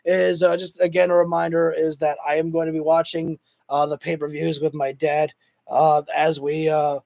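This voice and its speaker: A man hosting a wrestling livestream who talks casually to his chat, rambling and excitable with lots of fillers, and is losing his voice. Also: fairly high pitch, moderate pace, creaky, no room sound. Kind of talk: casual live commentary to chat.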